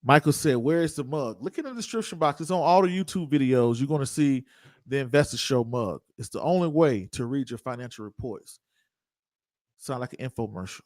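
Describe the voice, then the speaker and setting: A man's voice: medium pitch, lively intonation, brisk, no echo. Casual joking male investing host. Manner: loose, joking, conversational, repeats points. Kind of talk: casual livestream talk.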